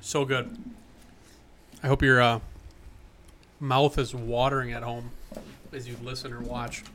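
A man's voice: mid-range voice, level tone, a little slow, fairly bright tone, a little hiss or hum. A man co-hosting a casual podcast, joking and chatting while tasting food. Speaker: podcast co-host.

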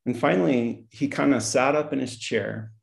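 A man's voice: medium pitch, normal speed, gravelly. A middle-aged man, a former school principal, telling a story in conversation, acting out the dialogue and often laughing. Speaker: podcast guest, school principal.

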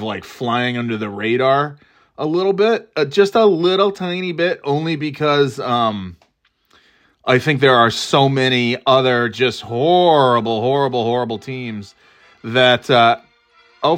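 A man's voice: medium pitch, a little slow, a bit bright, soft background music. Rambling, profane man picking football games. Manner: rambling, profane, self-mocking, many restarts. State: throat irritated, clearing it. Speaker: podcast host giving football picks. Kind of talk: casual rambling monologue.

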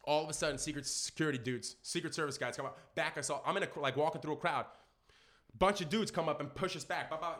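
A young man with a New York accent, a podcast guest telling stories in an animated way and acting out the quotes. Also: on the high side, fast talker. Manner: animated storyteller, acts out quotes loudly. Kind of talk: casual storytelling chat.

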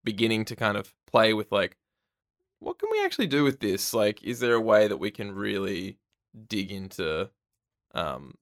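A man's voice: on the low side, sing-song, normal speed. A man co-hosting a podcast, talking enthusiastically and rambling with many restarts about comics. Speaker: podcast co-host. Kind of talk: casual chat about comics.

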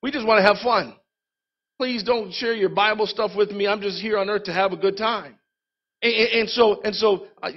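Guy pastor preaching, high voice, chatty and lively, kinda dull lo-fi sound. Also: normal speed. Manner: lively, conversational preaching with congregation call-outs. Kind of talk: sermon.

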